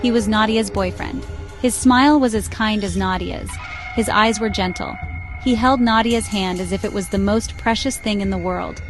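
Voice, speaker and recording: A woman's voice: mid-range voice, moderate pace. A woman telling a short story in a simple, dramatic narration style. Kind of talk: scripted narration. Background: faint music.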